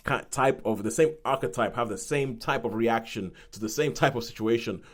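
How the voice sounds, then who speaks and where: A podcast host with a brisk, medium-pitched voice chats casually through a review. He rambles, corrects himself along the way, and acts out the voices he quotes.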